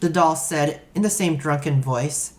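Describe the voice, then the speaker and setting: Low, deep-toned female narrator, dry matter-of-fact story reading. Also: unhurried. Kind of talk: first-person story narration.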